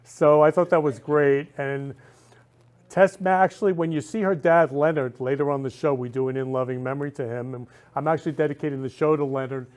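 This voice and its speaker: Male host, effusive and rambling, a touch high-pitched, casual heartfelt chat. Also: fairly even intonation, brisk, a little mellow. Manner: effusive, repeats "love" and "I love you" constantly; rambling with frequent restarts. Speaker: talk show host.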